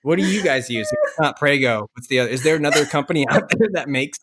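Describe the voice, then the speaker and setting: A man's voice: medium pitch, animated, quick pace, a bit bright. A man co-hosting a podcast in casual chat, enthusiastic and playful. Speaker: podcast co-host.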